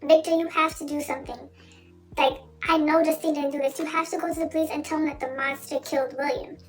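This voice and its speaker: A woman doing a frantic young woman with a very high, shrill voice who pleads urgently. She fires off breathless questions, as in a storytime retelling of a novel. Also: flat delivery, quick pace. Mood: pleading.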